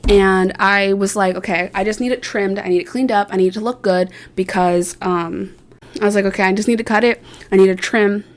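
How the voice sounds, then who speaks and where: A woman's voice: medium pitch, fairly even intonation, brisk. Chatty young woman rambling through a story. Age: young adult. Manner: chatty, rambling, self-mocking, with many fillers. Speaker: vlogger. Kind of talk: casual storytelling vlog.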